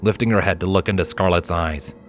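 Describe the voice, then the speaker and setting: A man with a very low, deep voice reads a story aloud in measured, dramatic narration. Soft music plays quietly behind him. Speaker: fanfiction reader. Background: faint background music.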